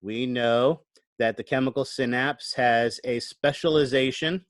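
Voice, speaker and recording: A man with a steady, medium-pitched voice and measured pace gives a recorded online lecture into a computer mic, the audio dry. As a college lecturer, he explains conversationally and repeatedly asks "right?" to check in.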